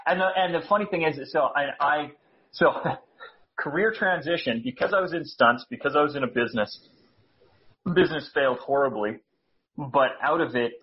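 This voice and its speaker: A man's voice: medium pitch, highs cut off. A Canadian man, a guest on a casual podcast interview, talking in a chatty, self-deprecating way and laughing easily. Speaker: guest, speaker coach.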